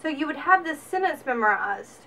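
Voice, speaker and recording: A young woman in her twenties from Alabama with a Southern US accent, giving a sarcastic, animated comedic vlog monologue. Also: sits high, moderate pace. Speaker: vlogger.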